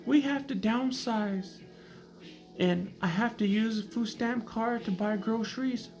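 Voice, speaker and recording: A man voicing a melodramatic woman from a TV show who cries over her troubles, high and overdramatic. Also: unhurried, darkish tone, soft background music. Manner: overdramatic, sobbing.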